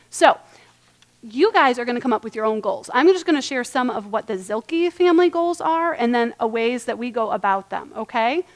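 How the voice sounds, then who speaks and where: Earnest young woman leading a workshop. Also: sits high. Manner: earnest, emphatic, asks the audience questions. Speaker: parenting workshop presenter. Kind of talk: church workshop talk.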